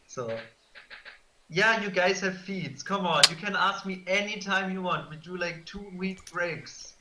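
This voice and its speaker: A man's voice: high voice, a little slow, noisy background. A man running a tabletop game as game master, casual and loose with many fillers.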